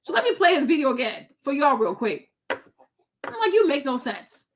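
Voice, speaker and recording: A woman host giving blunt, animated reaction commentary in a casual rant. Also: high-pitched, moderate pace. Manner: blunt, animated, preachy ranting.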